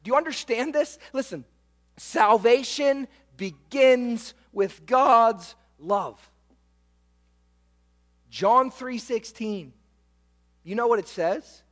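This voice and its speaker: A man's voice: very high voice, takes it slowly, pauses often, fairly bright tone. A man preaching a sermon, emphatic and full of rhetorical questions to his listeners. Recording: long hall reverb.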